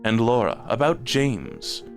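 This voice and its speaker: A man putting on a croaky old man reading. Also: mid-range voice, very animated, slow. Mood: tender. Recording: game music underneath.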